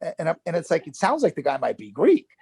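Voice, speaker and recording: A middle-aged man with a New York accent and a gravelly, husky voice, spinning animated stories in a casual interview. He swears freely, restarts his sentences often and keeps going without pause. The sound is dry and close. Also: fairly high pitch, no room sound. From Yonkers, New York. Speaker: actor guest.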